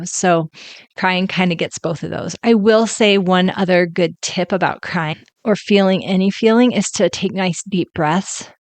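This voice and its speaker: Chatty woman podcast host, low voice. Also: no room sound. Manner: chatty, conversational, lots of "like". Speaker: podcast host and life coach. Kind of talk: casual solo podcast talk.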